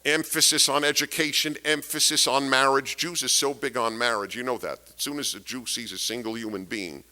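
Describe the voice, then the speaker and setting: A man's voice: mid-range voice, steady tone, brisk, pushed and bright. A man giving a political lecture to an audience, emphatic and fond of rhetorical questions, repeating key phrases for weight. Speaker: speaker giving a talk.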